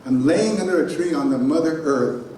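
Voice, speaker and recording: A man giving a keynote speech in a conference hall, telling a personal story in an animated way and sounding out noises himself. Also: fairly high pitch, normal speed, slight background noise. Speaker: keynote speaker. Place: conference hall on a college campus. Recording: very echoey hall from far off.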